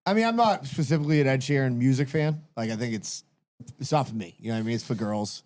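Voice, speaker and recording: A man's voice: mid-range voice, quick pace. A young man co-hosting a podcast in casual, rambling chat, swearing freely as he tells stories. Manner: rambling, profane, animated storytelling. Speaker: podcast co-host.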